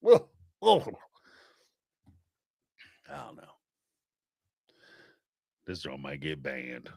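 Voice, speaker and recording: A man's voice: medium pitch, gravelly, no echo, clean studio sound. A middle-aged man hosting a podcast, telling rambling, laughing stories in a casual chat. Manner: laughing, rambling, animated storytelling. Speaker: podcast host.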